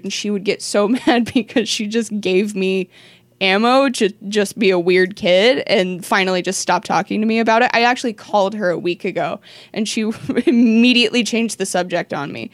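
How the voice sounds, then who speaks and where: A young woman co-hosting a casual podcast chat, animated and quick to laugh as she tells a story. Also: medium pitch, dry recording. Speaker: podcast co-host.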